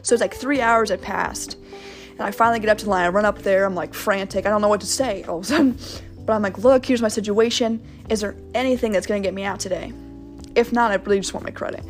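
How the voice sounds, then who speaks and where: A woman's voice: mid-range voice, fast talker, soft background music. A young woman hosting a podcast, telling a travel story in a rambling, casual way with plenty of swearing. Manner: rambling, profane, animated retelling. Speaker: podcast host.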